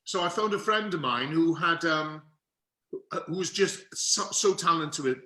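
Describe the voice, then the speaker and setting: A middle-aged man from Wales telling a lively, theatrical story as an interview guest, with quick asides. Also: a little high. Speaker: guest actor. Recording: roomy echo.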